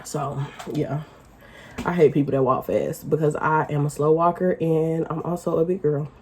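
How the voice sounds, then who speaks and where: A woman vlogger ranting casually to the camera, blunt and profane, with loud emphatic outbursts. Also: low-pitched, steady tone, moderate pace, a little hiss or hum.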